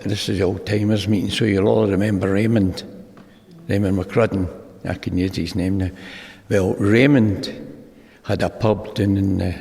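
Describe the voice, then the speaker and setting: A man's voice: on the low side, creaky, a little mellow. An older man with a Scottish accent sharing his story at a recovery meeting, a rambling storyteller who acts out the dialogue. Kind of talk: personal testimony talk. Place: large meeting hall. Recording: long hall reverb.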